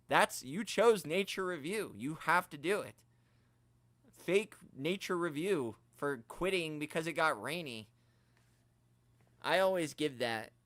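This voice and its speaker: A man hosting a casual toy-collecting livestream, chatting and ranting in a joking, animated way, quoting others in mock voices. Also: on the high side, a little slow, no room sound. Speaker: toy collecting channel host.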